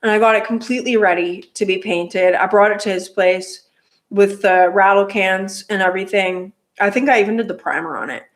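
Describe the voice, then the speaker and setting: A woman's voice: medium pitch, brisk. Rambling woman telling a garage story. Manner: rambling, many "like" fillers and restarts. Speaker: motorcycle builder telling a story. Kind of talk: casual storytelling.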